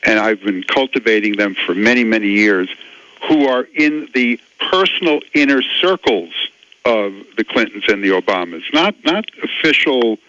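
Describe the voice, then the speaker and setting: Forceful older man, radio guest. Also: fairly low pitch, animated, normal speed. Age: 70s. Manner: emphatic, dismissive of critics. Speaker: author guest. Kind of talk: radio interview. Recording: dull dry radio audio.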